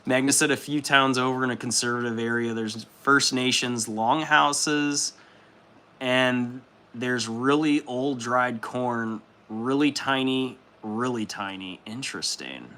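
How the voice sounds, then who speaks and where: A man's voice: medium pitch, unhurried, sharp tone. A young man hosting a hobby livestream, chatting casually with viewers, laid-back, laughing often and swearing freely. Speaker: livestream host. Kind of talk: casual chat reading viewer comments.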